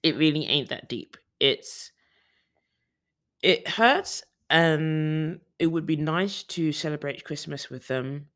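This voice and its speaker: A man's voice: fairly high pitch, fairly even intonation, measured pace, hardly any pauses, fairly bright tone. A young man from the UK talking casually in a personal vlog, rambling with frequent restarts and fillers. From United Kingdom. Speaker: vlogger.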